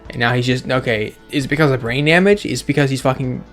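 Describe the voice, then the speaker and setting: A man's voice: mid-range voice, fast talker, a bit bright. A man giving casual, sarcastic commentary with frequent swearing as he reacts aloud to a game's dialogue. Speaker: let's play gamer. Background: faint game music.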